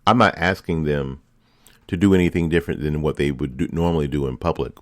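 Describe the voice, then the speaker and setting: Male show host, extremely low voice, dry close sound, fervent repetitive rhetoric. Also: fairly quick, no echo. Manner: impassioned, repetitive rhetorical questions. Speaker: political commentary host. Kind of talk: opinion monologue.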